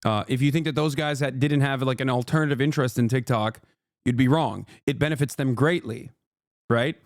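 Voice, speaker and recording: A man's voice: mid-range voice, brisk, no echo, studio quality. A man streaming live, commenting on clips in a rambling, emphatic way and talking to his chat.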